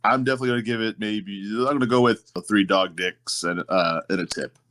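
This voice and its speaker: A man's voice: lowish voice, fairly quick, a bit bright, no room sound. A man guesting on a podcast as a wrestler, telling laid-back, profane anecdotes in casual chat.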